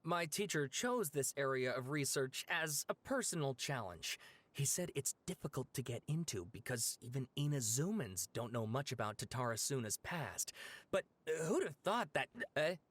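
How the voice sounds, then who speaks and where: A man's voice: medium pitch, big pitch swings, moderate pace, a bit bright. An actor playing a level-headed male researcher with a matter-of-fact, slightly impatient manner.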